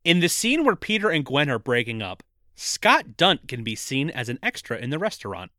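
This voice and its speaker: A man's voice: medium pitch, very animated, moderate pace, sharp tone, dry recording, studio quality. A man co-hosting a podcast in casual chat, playful as he reads trivia aloud. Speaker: podcast co-host.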